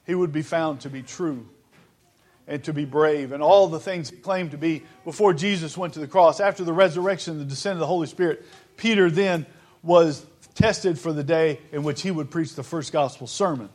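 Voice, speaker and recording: High-voiced preacher. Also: male voice, moderate pace, a little mellow. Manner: earnest, conversational preaching with frequent restarts. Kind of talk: sermon.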